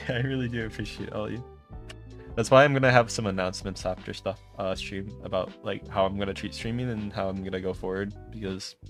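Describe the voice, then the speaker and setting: A young man chatting casually on a stream while crying, halting and soft, laughing through his tears. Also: fairly low pitch. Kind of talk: casual chat.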